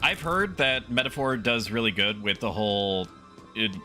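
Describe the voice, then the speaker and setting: Bright-voiced man streaming a game. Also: fairly low pitch, normal speed, soft background music. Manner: animated, yells and laughs at the game. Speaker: VTuber streamer. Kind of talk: gaming livestream commentary.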